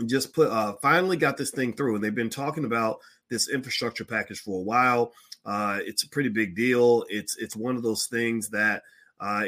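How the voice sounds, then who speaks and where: A man's voice: fairly low pitch, bright, forceful tone. A man hosting a finance livestream, chatting casually with many fillers and restarts. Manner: chatty, frequent fillers, flares up in mock outrage. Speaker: finance show host.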